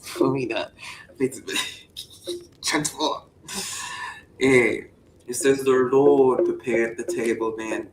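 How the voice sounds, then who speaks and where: A woman giving a playful sermon-style riff on a voice call, preachy and repetitive, bursting into high whoops. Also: slow pace, long pauses. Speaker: show participant preaching to the group. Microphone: voice chat mic. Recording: roomy, distant voice chat audio, faint hum.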